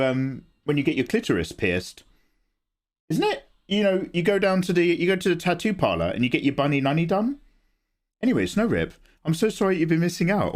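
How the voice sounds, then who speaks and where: Young man, chatty streamer, slightly high voice with lots of movement, close desk mic. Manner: chatty, jokey, rambling. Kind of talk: casual live-stream chat.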